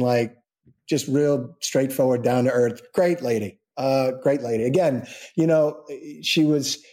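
A middle-aged man, an actor, telling backstage stories in a lively way and acting out the quotes. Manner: lively storyteller acting out quotes with big pitch jumps. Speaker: actor and guest. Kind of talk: animated anecdote-telling.

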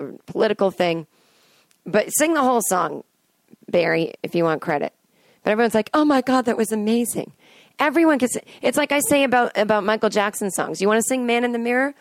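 A woman's voice: mid-range voice, dry recording. Chatty woman rambling on a podcast. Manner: chatty, digressive, sings snippets and acts out voices. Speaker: podcast host. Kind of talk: casual solo monologue. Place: in bed at home.

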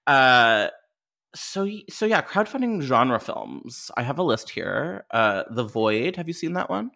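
Podcast co-host, mid pitch, lively self-mocking banter, casual chat. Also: measured pace, gravelly.

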